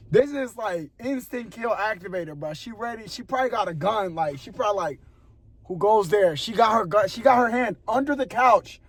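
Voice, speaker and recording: A vlogger, young and male with a light, high voice, spins a long slangy tale to his camera at night in a gym parking lot, captured on a phone or camera mic. Frequent laughter and animation give way to a hushed voice when he builds suspense.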